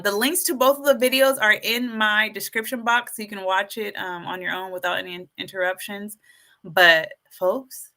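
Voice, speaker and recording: A woman hosting a casual live stream, addressing her viewers as folks and getting more and more fired up as she preaches. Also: mid-range voice. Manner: animated, preachy, hypes herself up. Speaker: YouTube live stream host.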